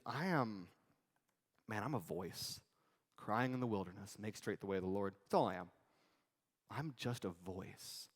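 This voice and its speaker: A male pastor giving a sermon in a conversational, animated way with casual asides. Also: mid-range voice, in a large hall. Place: church sanctuary.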